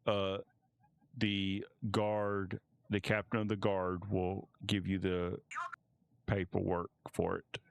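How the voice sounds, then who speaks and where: A stately queen addresses her guests in a slow, courtly manner, as a man at a game table puts her on. The voice sits somewhat low and comes across clean and close, with little room around it. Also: completely flat delivery, vocal fry, clear, resonant tone, dry recording, full character voice. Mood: courteous. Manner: formal, courtly speech. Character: stately woman queen of a realm, formal and gracious.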